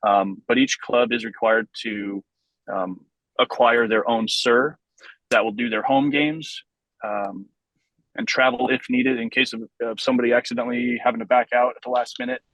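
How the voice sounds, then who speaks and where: A man guesting on a podcast, explaining things in a relaxed, casual way with plenty of ums and uhs. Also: medium pitch, moderate pace, no echo, rough recording. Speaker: vintage base ball club member, guest.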